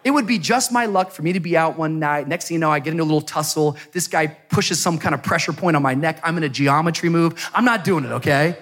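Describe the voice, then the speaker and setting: A male pastor giving a sermon to a congregation in church, mixing jokey storytelling with loud, rising preaching. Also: on the high side, fast talker, few pauses. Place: church sanctuary before a congregation.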